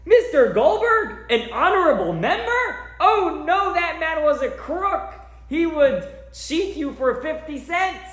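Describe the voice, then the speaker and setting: A man voicing a cranky old man who heckles from the back row of a funeral, shouting in scoffing disbelief. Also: extremely high pitch, sing-song, slow pace, hardly any pauses, voice pushed up, heavily acted. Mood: indignant. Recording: roomy echo.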